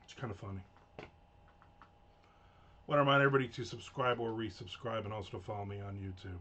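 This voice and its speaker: A man's voice: fairly low pitch, quick pace, sharp tone. A man hosting a live stream, rambling through casual stories with frequent swearing. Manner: rambling, profane, chatty storytelling. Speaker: livestream host. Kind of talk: casual chat while writing. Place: home room.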